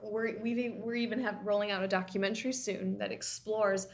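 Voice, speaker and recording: A woman producer answers interview questions in an eager, flowing way, sometimes tripping back over her own phrases. Her voice has a gravelly, fry-edged texture at a middle pitch. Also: brisk. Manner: eager, fluent, restarts phrases when excited. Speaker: TV series producer, interview guest. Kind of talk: conversational interview.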